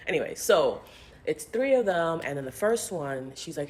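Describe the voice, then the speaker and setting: A woman's voice: sits low, moderate pace, a little hiss or hum. Chatty young woman telling a story. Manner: chatty, animated quoting of others, frequent "like". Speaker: vlogger. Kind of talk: casual storytelling to camera.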